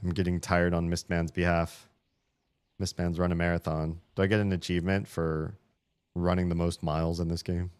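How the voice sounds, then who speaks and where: A man giving live, rambling commentary while playing a puzzle game, mocking himself and swearing when stuck, then breaking into high excited shouts when something works. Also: moderate pace, clean tone. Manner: bursts into high excited shouts at small wins.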